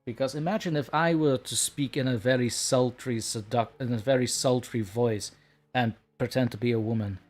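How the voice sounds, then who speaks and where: A man's voice: mid-range voice, moderate pace, a little mellow, soft background music. A man hosting a live stream, chatting casually and laughing at himself. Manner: laughs often, self-mocking. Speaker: stream host.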